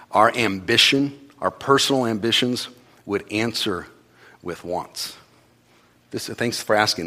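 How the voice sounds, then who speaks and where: With a fairly low-pitched voice, a man preaches in a conversational style, alternating between loud, urgent stretches and quiet, intimate ones.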